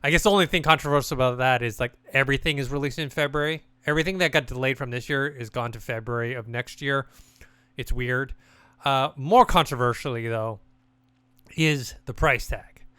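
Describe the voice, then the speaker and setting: A man co-hosting a games podcast, talking in a loose, rambling way with frequent restarts. His voice is bright and clean, recorded dry and close with almost no room sound. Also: mid-range voice, brisk, clear, resonant tone, dry recording. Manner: relaxed, rambling, many restarts and fillers. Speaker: podcast co-host. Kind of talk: casual chat.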